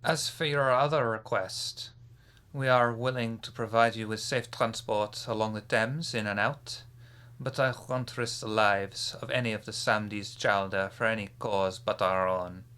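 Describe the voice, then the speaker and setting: A man putting on a raspy hooded French vampire. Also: on the low side, steady tone, measured pace, bright, forceful tone. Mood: courtly. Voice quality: raspy, put-on French accent. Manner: formal and gracious, ends remarks with a teasing "huh?". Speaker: game master. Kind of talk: live-streamed tabletop role-play.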